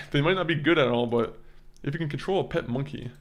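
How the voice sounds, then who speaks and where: A man's voice: a little high, brisk. Rambling young male streamer. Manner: rambling, stammers and repeats words, chuckles often. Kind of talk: casual live-stream chat with viewers.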